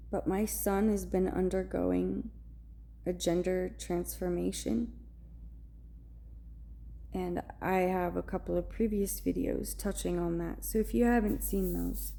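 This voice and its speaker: Slow, gravelly-voiced woman telling a dream. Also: mid-range voice, warm tone. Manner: halting, earnest, searching for words. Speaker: vlogger recounting a dream. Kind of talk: personal storytelling to camera.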